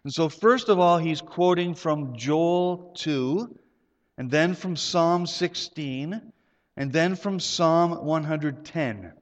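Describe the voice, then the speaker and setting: A man delivers a sermon from the pulpit, moving between explanation and playful storytelling. His voice sits a little high for a man. The sound carries a long reverberant tail, as in a church sanctuary. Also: takes it slowly, muffled recording. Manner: storytelling, animated with playful asides. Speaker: pastor.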